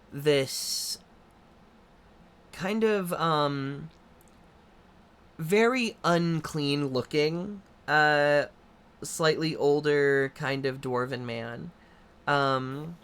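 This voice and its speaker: Man, game master, unhurried narration, mid pitch, lots of filler words. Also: fairly bright tone, smooth. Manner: unhurried, many ums and likes, describes scenes loosely.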